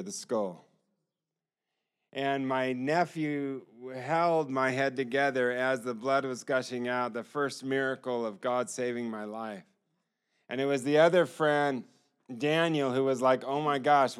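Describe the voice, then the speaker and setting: A man's voice: medium pitch, clear, resonant tone. Earnest man telling his testimony. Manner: earnest storytelling, acts out other people's lines. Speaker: testimony speaker. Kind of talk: personal testimony.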